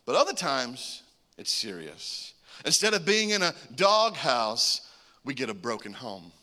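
A man in his forties preaching a sermon as a humorous, animated story, often chuckling between lines. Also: mid-range voice, a little slow. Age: 40s. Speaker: pastor.

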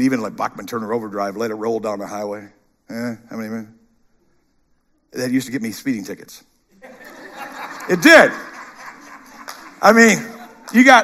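Gravelly, animated male preacher. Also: sits high. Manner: animated, shifts between hushed and shouted. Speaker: pastor. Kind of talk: sermon.

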